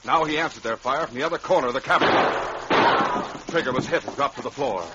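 A man narrating a radio adventure drama in a measured, dramatic style. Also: mid-range voice. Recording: dull old radio recording with loud hiss.

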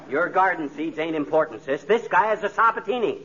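An excitable, boastful husband on old radio, bright and high-pitched. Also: male voice, heavily acted. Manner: blustering, excitable, folksy. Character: blustering, boastful, suspicious middle-aged husband. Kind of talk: 1940s radio comedy acting. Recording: dull lo-fi old radio recording with faint hiss.

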